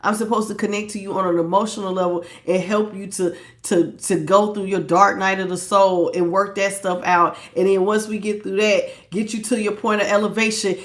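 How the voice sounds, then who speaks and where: A woman's voice: mid-range voice, fairly even intonation, brisk, few pauses. A woman hosting a tarot live stream in casual chat, playful and laughing often, greeting viewers by name and calling them baby. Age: adult, past young. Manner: calls listeners "baby" and "child".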